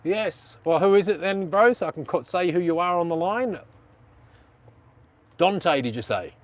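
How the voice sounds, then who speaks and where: A man's voice: high-pitched, lively intonation, a little slow, no room sound. A man with an Australian accent hosting a casual live stream, chatting and rambling in slang.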